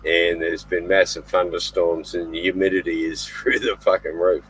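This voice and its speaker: Australian man, casual caller, joking and swearing, relaxed. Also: low-pitched, moderate pace, slight background noise, rough recording. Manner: laid-back, joking, swearing. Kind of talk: casual chat.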